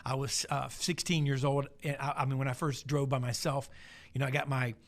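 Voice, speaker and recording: A man gives a folksy motivational talk, telling stories and slowly repeating his key lines for emphasis. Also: mid-range voice, flat delivery. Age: 40s. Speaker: motivational speaker.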